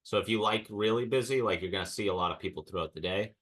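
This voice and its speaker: Low-voiced guy co-hosting a chat show, forceful bright tone, ranting storyteller who acts out quotes. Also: fast. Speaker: podcast co-host. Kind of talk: casual chat.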